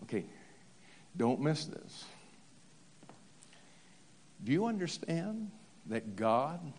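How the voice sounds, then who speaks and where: Male pastor, sermon, humorous storyteller, higher voice, long hall echo. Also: a little mellow.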